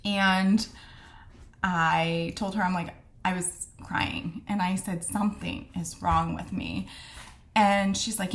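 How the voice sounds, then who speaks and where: A middle-aged woman with a mid-range voice tells her own story in a casual, candid way. She acts out the lines people said to her with lively, animated energy. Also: medium pitch, unhurried. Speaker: midwife sharing her diagnosis story.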